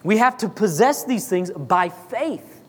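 Guy preaching a sermon, pretty high voice, lots of questions and repeating himself, big echoey hall. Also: lively intonation, a little slow, husky. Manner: emphatic preaching with rhetorical questions and repetition. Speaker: pastor. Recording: long hall reverb.

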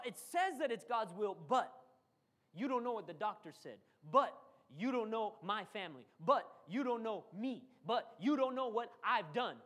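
A man's voice: very high-pitched, a bit bright. A man preaching a sermon, dramatic and repetitive, briefly acting out the voices of the people he quotes. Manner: dramatic, repeats phrases for emphasis, acts out voices of the people he quotes.

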